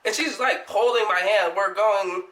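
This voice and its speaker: A young woman vlogger telling a story in casual chat, animated, laughing often and swearing freely. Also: medium pitch, measured pace, reverberant, rough recording.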